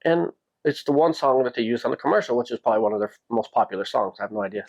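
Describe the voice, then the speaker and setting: Man with a gravelly voice telling a story. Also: racing, muffled recording. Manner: animated, jumps his pitch up to act out quoted people. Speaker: podcast host. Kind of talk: casual personal storytelling.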